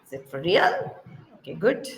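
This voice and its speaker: A woman's voice: medium pitch, huge pitch swings, normal speed, vocal fry. A woman with an Indian English accent, tutoring spoken English on a video call, coaxing and acting out phrases with exaggerated intonation. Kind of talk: online spoken-English lesson. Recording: echoey room with loud background noise.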